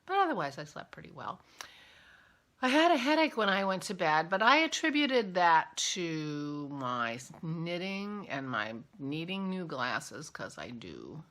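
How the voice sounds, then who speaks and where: A woman's voice: low voice, sing-song, measured pace, fairly bright tone. Chatty rambling woman vlogging over coffee. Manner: rambling, easily distracted, chatty. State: a little yawny. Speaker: vlog host. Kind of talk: casual morning coffee chat.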